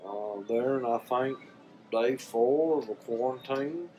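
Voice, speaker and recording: An older man with a Southern US accent speaks slowly in a mellow, mid-range voice, talking casually and from the heart to the camera as a vlogger. He's folksy and rambling, often repeating his words, and the audio is poor with a little hiss or hum.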